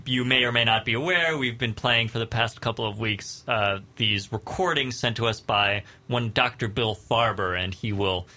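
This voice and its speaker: Man radio co-host, wry and joking, very bright voice. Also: mid-range voice, normal speed, few pauses. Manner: wry, stumbling restarts while joking. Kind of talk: casual comedic banter.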